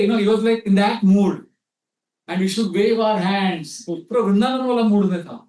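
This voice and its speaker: A spiritual teacher with an Indian accent gives a scriptural lecture in an echoey hall, his high, slightly mellow voice picked up by a distant mic as he talks a little fast. He tells anecdotes, acts out quotes, and mixes Hindi into his storytelling.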